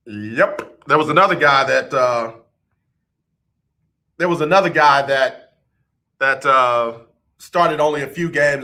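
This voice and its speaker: A man's voice: a little high, pushed and bright. A man hosting a radio show, chatting playfully about sports and teasing listeners by name. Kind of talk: casual sports radio talk.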